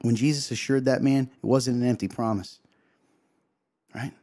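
A man's voice: medium pitch, steady tone, normal speed, mellow. A man co-hosting a show, giving an emotional sermon-style talk, earnestly acting out quotes and often asking "right?". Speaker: co-host sharing a devotional.

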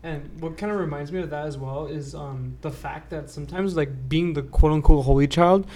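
A man's voice: a little high, normal speed, a little mellow, a little hiss or hum. A young man co-hosting a faith podcast, talking earnestly and often tagging "right?" onto his points. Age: young adult. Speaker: podcast co-host. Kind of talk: casual faith discussion.

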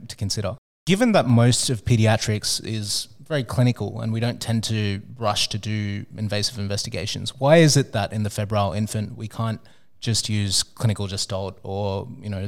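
A man hosting a clinical journal club discussion, asking questions conversationally with hesitant fillers. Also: on the low side.

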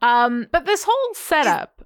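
A woman's voice: high voice, very animated, measured pace, dry recording, clean studio sound. A woman co-hosting a podcast in casual chat, talking with lots of fillers and repeated words. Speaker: podcast co-host. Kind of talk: casual chat about a TV show.

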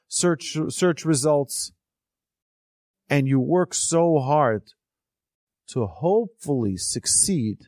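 Male teacher, storytelling lesson, earnest, discursive, mid-pitched, dry close sound. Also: darkish tone, no echo. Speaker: religious teacher.

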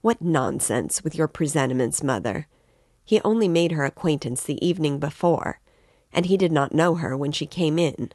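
A woman's voice: sits low, lively intonation, moderate pace, a little mellow, dry recording, clean studio sound. A woman reading the part of a proud, curt young woman in a novel. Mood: sharp. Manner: firm and curt.

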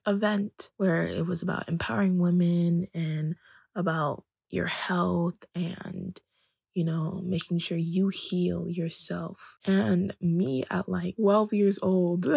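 A young woman hosting a podcast, telling her personal story in a soft-spoken way that often drops to a whisper. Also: fairly low pitch, creaky, breathy edge, no room sound. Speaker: podcast host.

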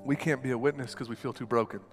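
A man preaching a sermon in a church, talking in an animated, conversational way while he acts out a scene with a volunteer on stage. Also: medium pitch, fast talker. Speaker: pastor. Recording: long hall reverb with faint music.

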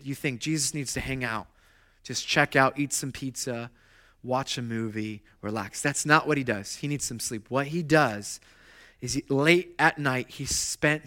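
A pastor in his thirties preaching a sermon in a conversational, animated storytelling way, with self-deprecating asides. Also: mid-range voice.

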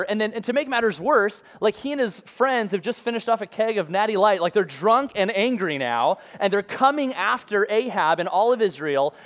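Casting: man with a high voice, preaching in a laid-back, conversational way. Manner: casual and conversational with modern comparisons. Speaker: pastor. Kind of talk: sermon.

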